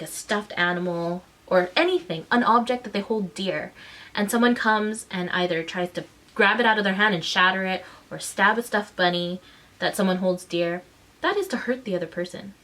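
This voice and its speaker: A woman vlogging as a mother, frustrated and indignant, her voice shaken and close to tears, speaking in halting bursts with many restarts. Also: mid-range voice, fairly bright tone. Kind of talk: emotional personal vlog recounting.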